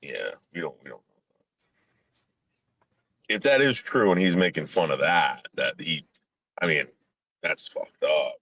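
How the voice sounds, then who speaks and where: A man with a low voice hosts a laid-back livestream chat. He rambles through hedges and restarts, swears without a second thought, and his pitch rises and falls a lot. The sound is dry and close. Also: expressive, measured pace, pauses often, fairly bright tone, no room sound. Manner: rambling, hedging with fillers and restarts; blunt, swears casually. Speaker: podcast host.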